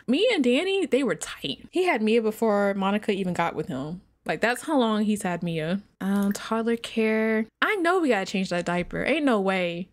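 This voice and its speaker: A woman's voice: mid-range voice, expressive, normal speed, hardly any pauses. A young adult woman giving casual let's-play commentary, chatting straight to her viewers and laughing often.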